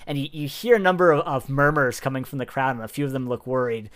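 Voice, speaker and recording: A man narrating a tabletop role-playing game as game master, talking in halting bursts full of fillers and restarts. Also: mid-range voice, clean tone.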